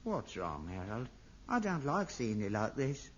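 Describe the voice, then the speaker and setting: A man's voice: mid-range voice, wildly swooping pitch, slight background noise. An actor playing a nosy, fussy old father in a dull, lo-fi old radio sitcom recording. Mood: bickering. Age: older. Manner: wheedling, nosy, quick to panic. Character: nagging old London father, fussy and meddlesome. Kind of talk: 1960s radio sitcom acting.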